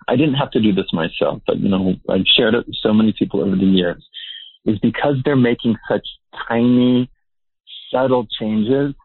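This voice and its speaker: A male researcher talks through his ideas in an earnest, emphatic way. His voice is husky and lowish. It comes over a tinny, phone-like line. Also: no room sound. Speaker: behavior researcher. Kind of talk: interview guest explaining.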